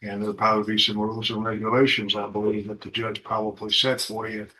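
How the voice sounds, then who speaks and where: A male defense attorney questioning his client in a courtroom. His voice is low, bright and flat, and he speaks haltingly, often restarting. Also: poor audio. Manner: halting, repeats himself.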